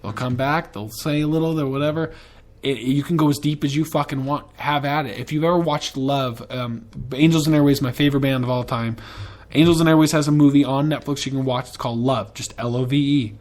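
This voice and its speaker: A man's voice: medium pitch, steady tone, brisk, a little mellow. A man hosting a podcast in a casual, rambling and profane way, with enthusiastic tangents. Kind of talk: casual chat.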